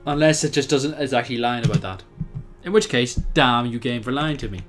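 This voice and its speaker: A young Irish man giving casual let's-play commentary, thinking aloud, chatty and laughing often, with sudden bursts of excitement. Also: mid-range voice, a little fast, soft background music. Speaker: game commentator.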